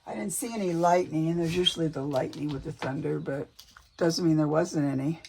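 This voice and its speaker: A crafting vlogger chats casually to viewers while working on a craft project at home, talking to herself and sometimes dropping to a whisper. Her low voice is brisk and gravelly, a little mellow, with a bit of hiss or hum in the audio.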